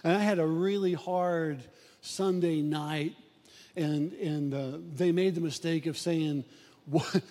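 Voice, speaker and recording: A pastor in a church sanctuary gives a folksy, conversational sermon built on stories, often restarting his sentences. His voice is a little high, slow, steady, and dark in tone, with long hall reverb from the church.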